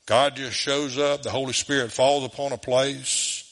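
A man's voice: medium pitch, fairly even intonation, a little slow, fairly bright tone. A man preaching a sermon in a folksy, conversational way, chuckling often. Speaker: pastor.

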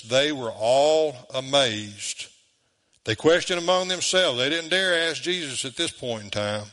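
A man's voice: mid-range voice, sharp tone. A man preaching a sermon in a folksy, conversational way, chuckling often. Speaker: pastor.

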